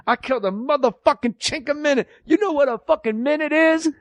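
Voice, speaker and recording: A man's voice: very high-pitched, fairly quick, dry recording, pitched above the performer's own voice. A man voicing a hot-tempered, boastful old man who brags and swears as he rants. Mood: heated. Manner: profane, ranting, bragging.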